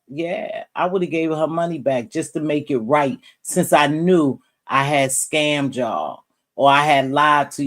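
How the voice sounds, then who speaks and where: A middle-aged woman hosting a casual livestream, chatting with viewers and giving gossip commentary, her voice jumping high when she gets worked up. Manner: animated, jumps high when worked up, reads out and greets chat viewers. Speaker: livestream host.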